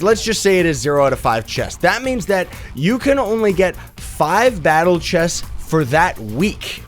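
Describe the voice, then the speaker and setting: A young man with a rough, sick voice, hosting a gaming channel and explaining a game with upbeat, rambling talk. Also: fairly high pitch, fairly bright tone. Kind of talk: let's play tutorial commentary.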